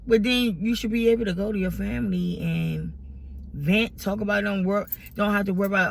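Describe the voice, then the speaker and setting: Her mid-range voice is creaky, with lively intonation and a moderate pace. A grown woman talking to camera, she unloads about family drama to her followers in an exasperated, rambling way, close to tears and restarting frequently.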